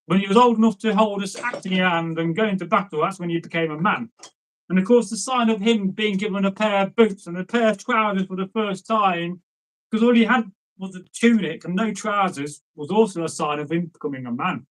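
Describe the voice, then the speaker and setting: A man's voice: high-pitched, brisk, low-quality recording. A man telling a folk tale aloud in a chatty, rambling way, often turning aside to address listeners. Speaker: storyteller. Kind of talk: oral folk tale storytelling.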